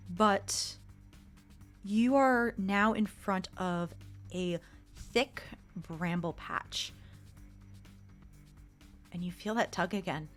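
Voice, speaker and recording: A woman running a tabletop role-play game, describing scenes in a slow, measured way. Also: mid-range voice, faint music behind. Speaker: game master.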